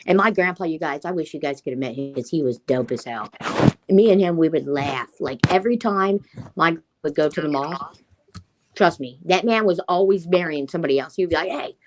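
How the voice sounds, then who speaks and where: Animated, lively-voiced woman storyteller. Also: fairly low pitch. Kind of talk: casual chat.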